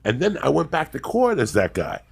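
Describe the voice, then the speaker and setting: A man's voice: on the high side, wildly swooping pitch, a little fast, vocal fry, husky. A Cuban-American man in his fifties, telling brash, swearing comic stories on a podcast and acting out the people in them. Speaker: comedian and podcast guest. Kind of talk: profane comic storytelling on a podcast.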